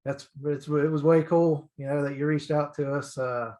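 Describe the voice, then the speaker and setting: A man's voice: a little high, fairly even intonation, moderate pace, a little mellow. A man in a band, a guest in an interview, talking in a friendly, easygoing, rambling way. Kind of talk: casual interview chat.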